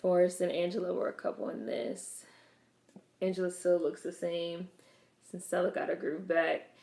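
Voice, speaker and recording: A young woman's lowish voice sounds gravelly and dark, with little pitch movement and a normal speed, as she reacts to a film for her vlog. She chats through it with dry asides and retorts to the screen, recorded in an echoey room.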